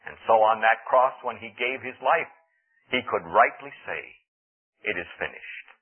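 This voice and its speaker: Husky preacher on tinny radio. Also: male voice, medium pitch, expressive, measured pace. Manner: earnest, dramatic storytelling with rising emphasis. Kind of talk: radio sermon.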